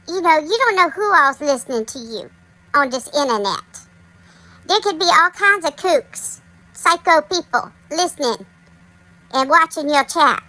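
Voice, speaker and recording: Chatty high-voiced woman host. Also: pushed and bright, low-quality recording. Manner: chatty, talks straight to viewers. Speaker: commentary channel host. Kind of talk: casual commentary monologue.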